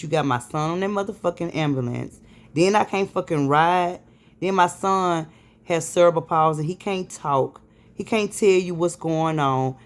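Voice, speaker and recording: A stressed, weary woman venting to camera, swearing heavily, with many fillers and restarts. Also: low voice. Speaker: vlogger.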